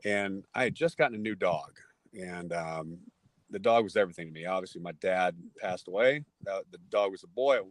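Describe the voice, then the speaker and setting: Texas-raised man, 40s, low voice, dry close sound; podcast guest spinning lively stories. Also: moderate pace, no room sound. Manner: lively anecdotes, acts out voices. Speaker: podcast guest, former ballplayer. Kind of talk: casual storytelling.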